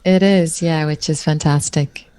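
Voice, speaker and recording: A woman's voice: sits low, fairly even intonation, measured pace, mellow, clear, resonant tone. A woman in her forties from Ireland, with an Irish accent tinged with an Australian lilt, speaking as a life coach guest in a podcast interview, sing-song and enthusiastic.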